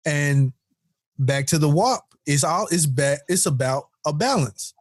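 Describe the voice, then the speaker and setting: Laughing, animated man on a podcast. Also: on the high side, unhurried, no echo, clean studio sound. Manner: animated storytelling, laughs often, acts out quotes. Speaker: podcast co-host. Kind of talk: casual chat.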